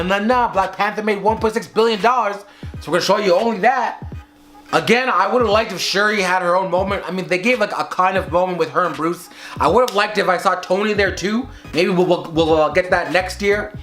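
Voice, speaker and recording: A man giving a casual, excitable movie review at home, speaking straight to his viewers and calling them guys. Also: sits high. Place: at home, filmed by his girlfriend.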